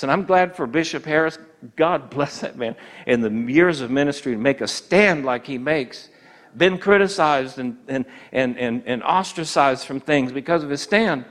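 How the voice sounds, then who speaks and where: Emphatic male preacher, somewhat high voice. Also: lively intonation, a bit bright. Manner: emphatic, slows for key points, acts out voices of tempters. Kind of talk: sermon.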